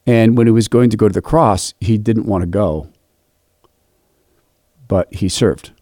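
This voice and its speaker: A man's voice: lowish voice, a little slow, no room sound, studio quality. A man leading a youth Bible study, telling a story in a reflective, devotional way and acting out the dialogue. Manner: animated, acts out quoted dialogue.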